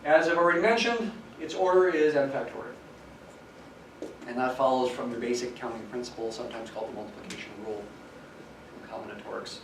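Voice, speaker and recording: A man's voice: medium pitch, fairly quick. A man, a math professor, giving a classroom lecture, explaining step by step and stressing key words. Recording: echoey classroom from some distance, faint hiss.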